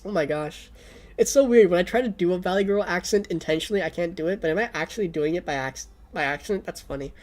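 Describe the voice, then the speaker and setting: A woman's voice: on the low side, fast, a little mellow. A young woman streaming casually, rambling with a Valley Girl lilt and constant "like", her throat a little sore. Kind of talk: casual livestream chat.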